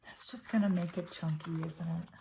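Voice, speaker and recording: A woman with a low-pitched voice talks through a crafting session in a soft, unhurried way, half to herself. A faint noise floor sits under the recording. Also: fairly even intonation, creaky. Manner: soft, unhurried, talking to herself while working. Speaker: craft channel host. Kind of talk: relaxed crafting commentary.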